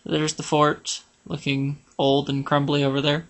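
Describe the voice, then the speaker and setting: A man's voice: a little high, monotone, measured pace. A man giving casual, rambling gameplay commentary for a walkthrough, joking and humming tunes as he plays. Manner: rambling, jokey, hums and sings while playing. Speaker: game walkthrough narrator.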